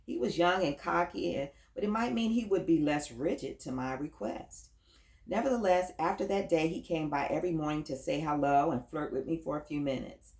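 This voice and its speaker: Low-voiced woman reading an audiobook. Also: brisk, a little mellow. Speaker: audiobook narrator. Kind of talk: first-person audiobook narration. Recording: roomy echo.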